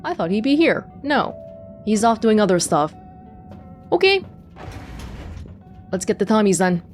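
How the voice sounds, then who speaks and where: A woman's voice: medium pitch, sing-song, unhurried, faint music behind. A woman giving casual, amused commentary while playing a game. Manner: chatty, amused asides. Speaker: let's play gamer.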